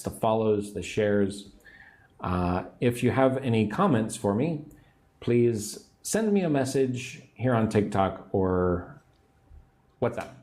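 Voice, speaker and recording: A man leads a livestream English lesson, reading viewers' comments and explaining words in plain terms. He speaks very slowly and patiently with a mellow, relaxed tone. His pitch moves a great deal as he repeats phrases for learners. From United States. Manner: slow, patient and repetitive, explaining words simply. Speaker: English teacher.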